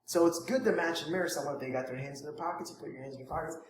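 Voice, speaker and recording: A man coaching students on prospecting in an energetic, informal way, acting out sample conversations. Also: on the high side, very fast. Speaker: network marketing trainer. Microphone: phone. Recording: echoey room, faint ambience, phone recording.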